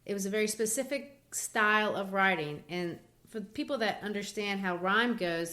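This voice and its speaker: Lady podcast host breaking down a poem, chatty, lively and explaining as she goes. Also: medium pitch, measured pace. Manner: explanatory, animated, with light laughs. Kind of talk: casual literature discussion.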